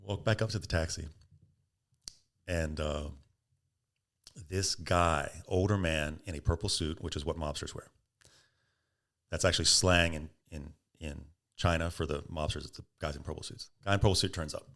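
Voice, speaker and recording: A man's voice: very deep voice, normal speed, pauses often. A man, a podcast guest, casually telling a story and acting out what people said. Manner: animated, acts out quoted speech.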